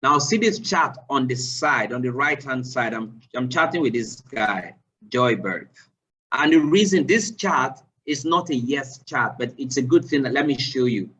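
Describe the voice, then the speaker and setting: A man leading a live online sales training, quizzing his listeners with repeated questions and rising with excitement. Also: unhurried, husky, far from the mic, poor audio. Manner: animated, rising pitch when excited.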